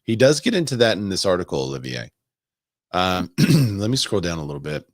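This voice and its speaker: A man's voice: low-pitched, big pitch swings, fairly quick, dry recording, studio quality. A man hosting a casual podcast, chatting and reading listener comments and articles aloud, with asides and laughs. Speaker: podcast host.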